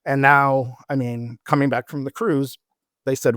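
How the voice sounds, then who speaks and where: A man's voice: on the low side, moderate pace, fairly bright tone, no room sound, studio quality. A middle-aged man on a travel podcast, telling rambling anecdotes in casual chat with many restarts.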